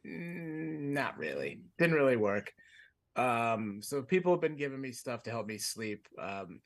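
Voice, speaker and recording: A very animated man with a mid-range voice talks a little slowly as a comedy podcast co-host. He's an adult with a fiance, telling a long story in a loose, rambling manner and regularly breaking off to laugh mid-sentence.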